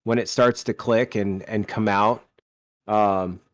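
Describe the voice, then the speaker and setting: A man's voice: lowish voice, fairly even intonation, slow. A man co-hosting a casual chat podcast, rambling and joking and often restarting his phrases. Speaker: podcast co-host.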